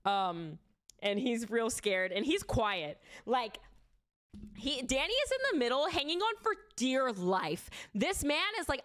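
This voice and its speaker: A young woman telling a funny story in casual chat, animated, full of "like" fillers and swearing. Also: fairly high pitch, moderate pace. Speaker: streamer.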